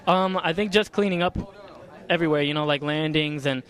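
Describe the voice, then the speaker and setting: A man's voice: on the high side, a little fast, fairly bright tone. A young man, an athlete, talking casually in an interview with many "like"s and "you know"s. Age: young adult. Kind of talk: post-competition interview.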